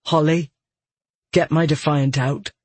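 A man playing a calm, decisive soldier who gives steady orders. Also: on the high side, slow, dry recording. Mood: resolute. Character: calm decisive young male soldier leader.

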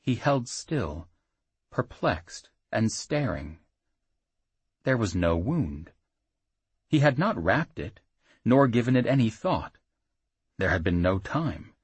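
A man narrating a fantasy audiobook in a measured, steady way. His voice is very deep with a husky grain, recorded close and dry with no room sound. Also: dry recording.

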